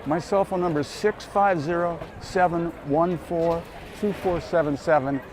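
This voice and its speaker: A man eagerly pitching himself as a voice-over talent at an outdoor street festival booth, upbeat with a few fillers. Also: fairly even intonation, normal speed, noisy background. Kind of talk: self-promotional pitch to camera. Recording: busy street crowd behind.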